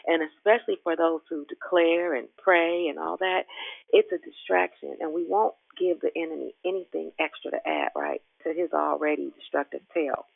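A woman's voice: sits low, fairly even intonation, normal speed, vocal fry, dry recording. A woman, hosting a devotional prayer call in an exuberant, folksy way and laughing often. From Richmond, Virginia. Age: 50s. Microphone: phone. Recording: tinny phone line, dry.

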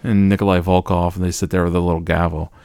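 Deep male podcast co-host, wry and rambling, dry close mic. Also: flat delivery, fast, gravelly, darkish tone, smooth, dry recording. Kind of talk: casual chat about wrestling.

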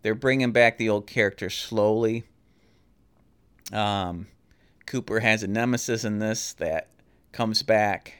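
A man's voice: on the low side, smooth. A man hosting a solo podcast, reviewing shows and films in a rambling, casual way with many fillers and restarts. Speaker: podcast host.

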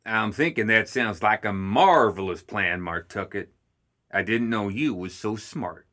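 A man's voice: fairly low pitch, measured pace, sharp tone. A man voicing a boastful male gremlin clan leader who swaggers in backwoods slang. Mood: smug.

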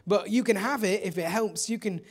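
A preacher voicing a humble young boy in a sermon story, talking softly and hesitantly. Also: high-pitched, fairly quick. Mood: shy offering. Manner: soft, hesitant, modest. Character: humble young boy offering his food.

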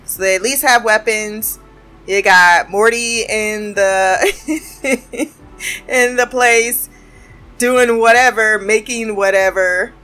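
A woman's voice: a little high, slow pace, long pauses, bright, forceful tone, soft background music. A woman giving a casual, chatty recap of a cartoon episode, swearing freely and laughing often.

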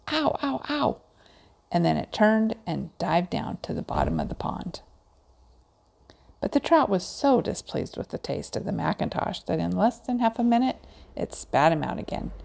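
A woman reads a children's storybook aloud with gentle, measured pacing. Her voice sits low with a gravelly edge, and its tone is warm and mellow.

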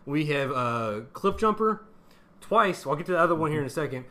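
A young man co-hosting a casual movie review podcast, excited and laughing, swearing freely. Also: a little high, a little fast. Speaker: podcast co-host.

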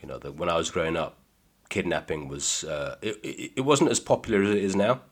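A man guesting on a podcast, telling dry, deadpan comic stories in a casual chat. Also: low voice, fairly quick. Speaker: comedian guest.

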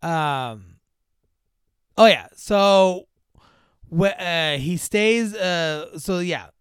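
A man with a fairly high, smooth, clear voice, talking casually and rambling through a film plot with loads of fillers. He keeps jumping up into voices to act out the characters. The sound is dry and close, with no room echo. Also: extremely slow. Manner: rambling, filler-heavy, acts out characters in a raised voice. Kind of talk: casual chat retelling a movie.

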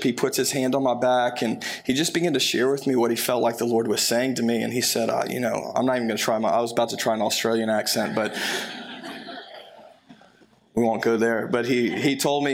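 A man preaching a sermon in a relaxed, conversational way, with friendly asides and filler words. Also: mid-range voice. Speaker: pastor.

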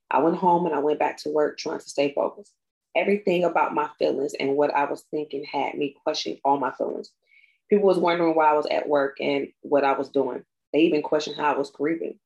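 A young woman reading a personal memorial tribute aloud, tearful and halting, stumbling and restarting as she goes. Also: low-pitched, gravelly, a little mellow, dull audio. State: tearful, crying.

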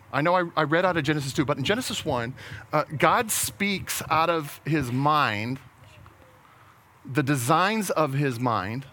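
A man's voice: a little high, pushed and bright. A man preaching a sermon in a casual, conversational way, often restarting his words and laughing at his own jokes. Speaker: pastor.

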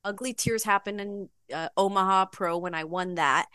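A young woman tells a lively story as a podcast guest, breaking into laughter often. Her voice is bright and forward. The sound is dry and close. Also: medium pitch, moderate pace, smooth, no room sound. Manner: giggly, animated, laughs often. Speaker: podcast guest, bodybuilding pro. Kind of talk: casual storytelling interview.

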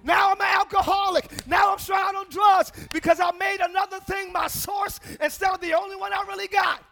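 A man preaching a sermon as pastor, calling out to the congregation and dropping into quiet joking asides. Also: extremely high pitch, little pitch movement, moderate pace, vocal fry, faint music behind. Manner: preaching with shouts and call-and-response; drops to quiet asides and laughs. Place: church.

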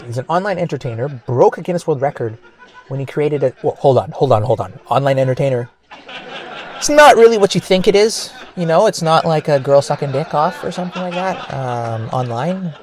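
A man's voice: mid-range voice, animated, moderate pace, darkish tone. A man hosting a comedy show, delivering a loose comic news monologue with chuckles and crude asides.

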